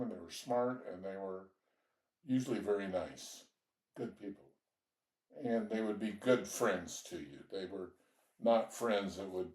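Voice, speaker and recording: Recorded off-mic in an echoey room, an older man from Georgia in the US tells loose, relaxed stories about growing up, laughing a little as he goes. He is an interviewee sharing his life story, and his voice sits on the low side with a darkish tone.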